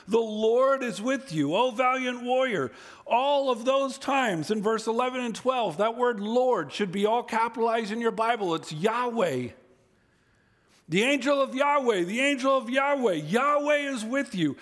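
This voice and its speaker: Male preacher, high voice, sermon, dramatic swings in loudness, acts out quotes. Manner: swings from low reading to loud, high emphasis; acts out voices in scripture and paraphrase. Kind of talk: sermon with scripture reading.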